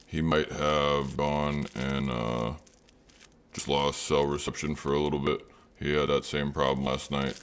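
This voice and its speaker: A man's voice: extremely low pitch, flat delivery, measured pace, a little hiss or hum. A man hosting a live trading stream, chatting casually with viewers and rambling with many fillers. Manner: rambling, talks to chat by name, many fillers. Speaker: livestream trading host. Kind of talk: casual livestream chat.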